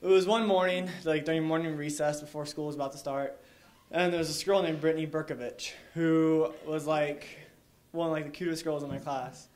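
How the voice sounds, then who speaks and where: A man's voice: a little high, steady tone, brisk, a little mellow. A young man telling a live story to an audience, rambling with lots of "like" and chuckling along the way. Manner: rambling, heavy use of "like", chuckles while telling.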